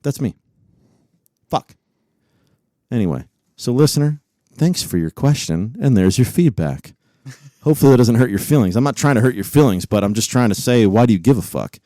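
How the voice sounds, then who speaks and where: A man's voice: medium pitch, animated, moderate pace, long pauses, mellow, dry recording, low-quality recording. A man co-hosting a podcast in casual chat, swearing often and getting heated as he rants. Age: adult with a son. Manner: profane, heated rant. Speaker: podcast co-host.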